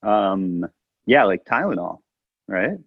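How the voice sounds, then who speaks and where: A man co-hosting a comedy podcast in casual chat, laid back and quick to laugh. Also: fairly low pitch, big pitch swings, gravelly, breathy edge, dry recording, narrow, tinny audio. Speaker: podcast co-host.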